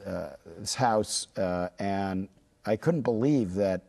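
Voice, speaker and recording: A man's voice: lowish voice, takes it slowly, gravelly, a little mellow. A man in his fifties from the Midwest, a journalist telling stories in a studio interview, full of fillers and restarts. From Chicago. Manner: hesitant, many fillers and restarts. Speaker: journalist guest. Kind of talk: studio interview, relaxed storytelling.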